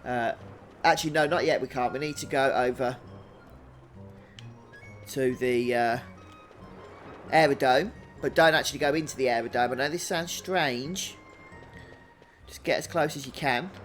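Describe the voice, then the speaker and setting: A man hosting a video game walkthrough in a relaxed, chatty way, thinking out loud as he plays. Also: medium pitch. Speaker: gaming channel host.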